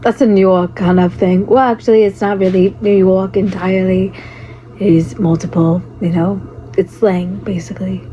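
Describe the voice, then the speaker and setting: A woman livestreaming in a loose, rambling way, greeting her viewers and fighting a hoarse, fading voice. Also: medium pitch, fairly even intonation, moderate pace, mellow. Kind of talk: casual livestream chat. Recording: dull lo-fi stream audio with faint noise.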